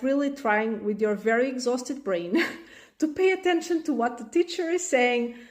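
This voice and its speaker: A woman vlogging about parenting, telling an everyday story in an animated way and acting out the scenes. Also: on the high side. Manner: animated, acts out the scenes in voices. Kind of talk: casual storytelling monologue.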